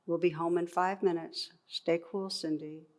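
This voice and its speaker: A calm, patient grandmother keeps her voice soft and controlled, murmuring reassurances to a restless child, as a woman puts her on. It is told as a spoken anecdote, with a fairly low voice. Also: unhurried, lightly acted. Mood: soothing. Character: calm grandmother soothing a toddler, older woman.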